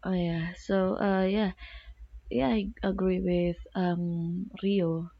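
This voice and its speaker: A woman student talks through a casual discussion in a slow, flat, mellow voice, pausing often with fillers. The sound is dry and muffled. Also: on the low side, dry recording. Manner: halting, with frequent fillers.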